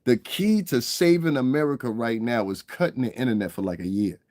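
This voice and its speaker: A man's voice: mid-range voice, fairly quick, darkish tone, no echo. A man holding forth on a livestream in a mid-range voice, rambling from rant to anecdote. He swears freely, laughs at his own stories and keeps checking that you follow him. The sound is dry and close. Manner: profane, rambling, keeps asking "you understand what I'm saying", laughs often. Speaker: livestream commentator. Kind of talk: rambling casual livestream commentary.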